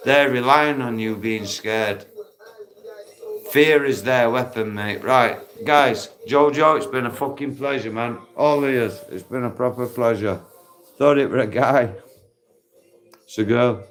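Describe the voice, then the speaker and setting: Sweary bloke streaming live. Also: male voice, mid-range voice, measured pace, a bit bright. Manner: blunt, sweary, matey. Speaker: livestream host. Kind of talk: casual live-stream chat with viewers. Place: outdoors in a park. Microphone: phone.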